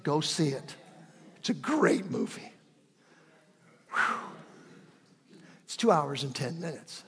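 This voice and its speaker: High-voiced preacher in a big hall. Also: male voice, creaky, husky. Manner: impassioned preacher, swinging from loud peaks to hushed prayer. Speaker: pastor. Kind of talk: sermon. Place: church sanctuary. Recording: long reverb of a large hall.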